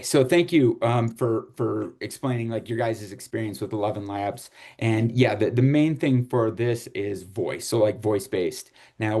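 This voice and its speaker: A man from Chicago hosting a casual group chat on a video call, relaxed and rambling with fillers and laughs. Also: on the low side. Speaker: host.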